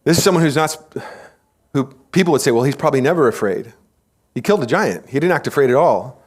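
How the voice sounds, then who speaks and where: A man preaching a teaching sermon in a church, telling stories in an animated way, acting out quoted voices and asking the congregation questions. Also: medium pitch, fast talker. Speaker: pastor.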